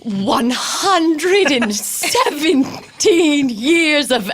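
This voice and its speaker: Woman putting on a genteel elderly English lady, put-on English accent, high voice, slow lilting delivery. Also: expressive, fairly bright tone, full character voice. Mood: prim. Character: older English woman, ex baking-show judge, prim. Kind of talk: improvised comedy podcast character.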